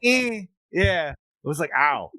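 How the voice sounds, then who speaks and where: A man co-hosting a casual podcast, talking crude and animated, laughing often. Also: mid-range voice, moderate pace, no echo. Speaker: podcast co-host. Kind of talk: casual horror movie chat.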